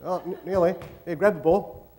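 A man's voice: sits high, normal speed, a little mellow. Joking Australian man lecturing a hall. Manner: joking, audience-engaging. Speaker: guest speaker. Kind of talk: lively lecture to students. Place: university auditorium.

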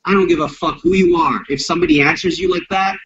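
A man with a high, gravelly voice talks bluntly and with plenty of swearing, explaining violence like a self-defense instructor in an interview. His pitch swoops widely as he animates each point. The audio sounds dull and lo-fi. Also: fast talker, a little hiss or hum. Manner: blunt, profane and animated, acts out confrontations.

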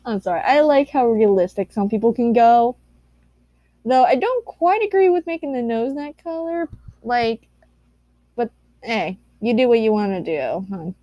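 Cooing woman with a lively high voice. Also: no echo. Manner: gushing, cooing, casual swearing. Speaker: YouTuber reacting to fan art. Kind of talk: casual commentary.

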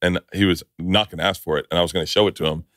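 A man's voice: sits low, very fast, dry recording, studio quality. A middle-aged man hosting a podcast, telling stories in a casual chat and laughing often. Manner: animated storyteller, laughs a lot. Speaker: podcast host.

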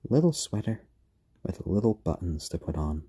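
Gentle male live-stream host; low, husky, lively in pitch. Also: moderate pace. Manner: gentle, coos to the birds. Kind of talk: casual live-stream chat.

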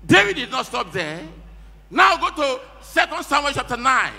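Lively high-voiced preacher. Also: male voice, moderate pace, a little hiss or hum. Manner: emphatic, retells each read verse in plain words and prompts the reader. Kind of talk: sermon. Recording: echoey hall with long reverb.

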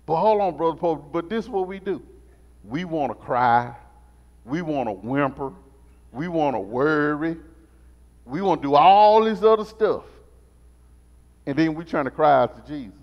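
A man preaches a Sunday school lesson, his slightly high voice swinging widely in pitch as he repeats phrases and calls to his listeners. The sound is dull and muffled, with long reverb from the church sanctuary. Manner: animated, call-and-response preaching, repeats phrases.

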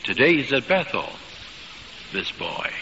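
A man preaching a sermon, telling stories emphatically with dramatic pauses. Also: mid-range voice, very animated, pushed and bright, a little hiss or hum. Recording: dull lo-fi recording with long hall reverb.

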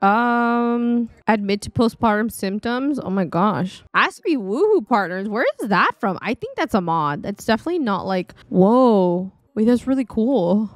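A woman giving casual, chatty commentary while streaming a life-sim game, exclaiming and reacting loudly. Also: mid-range voice, lively intonation, unhurried, few pauses, dry recording. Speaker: gaming streamer. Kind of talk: casual let's-play commentary. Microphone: desktop studio mic.

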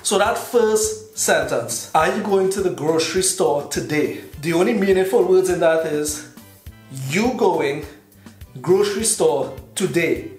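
A man from Trinidad with a Trinidadian accent, patiently walking viewers through a casual tutorial and checking in with "all right" as he goes. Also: on the high side. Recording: echoey room with faint music.

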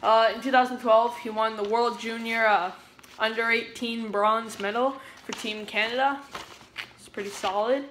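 A woman's voice: on the high side, fairly even intonation, moderate pace, fairly bright tone, slight background noise. A woman giving a casual fan presentation as a vlogger, chatty and digressive, stopping often to explain terms. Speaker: vlogger presenting a hockey player.

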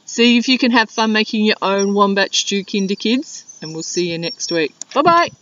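A woman teacher reading a picture book aloud to young children in an animated, drawn-out way. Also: mid-range voice, distant mic, a little hiss or hum. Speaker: primary school teacher. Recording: dull lo-fi video sound.

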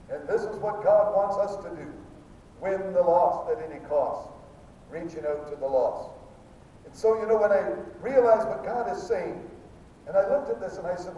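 An older man preaching a fervent sermon as pastor, swinging between shouts and a soft, confiding storytelling voice. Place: church sanctuary. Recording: echoey hall from far off, dull sound, faint rumble.

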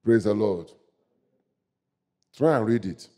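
A man preaching a sermon, swinging from quiet asides to loud shouted climaxes and calling for responses from the congregation. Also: lowish voice, expressive. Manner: slow, drawn-out emphasis.

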